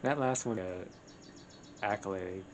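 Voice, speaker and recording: A man's voice: sits low, a little slow. A man hosting a let's play, reading the game's dialogue aloud with amused, wry asides. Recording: background noise.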